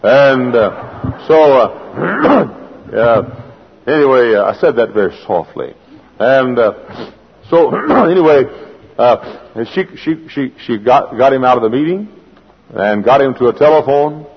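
A husky-voiced male preacher delivering a sermon, shifting from homespun anecdotes to fervent, rising proclamation. The sound is dull and lo-fi, with a long reverb trailing off the walls of a large hall. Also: mid-range voice, animated, slow pace. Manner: folksy storytelling building to fervent preaching. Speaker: pastor.

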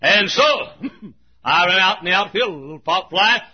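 A man preaching a sermon as pastor, emphatic, swinging between shouted points and hushed asides, with a husky voice. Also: high-pitched, lively intonation, moderate pace. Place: church. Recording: dull lo-fi recording.

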